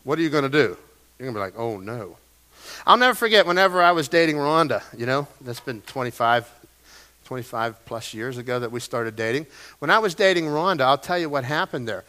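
Bright-voiced folksy male pastor. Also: on the high side, brisk. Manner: folksy, storytelling, self-deprecating asides. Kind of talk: sermon. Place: church sanctuary.

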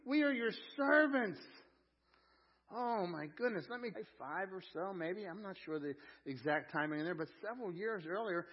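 A man's voice: high voice, breathy edge. A man preaching a sermon as pastor, telling homely stories in an emphatic, colloquial way. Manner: folksy storytelling, emphatic, colloquial. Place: church sanctuary. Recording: dull lo-fi sound with long hall reverb.

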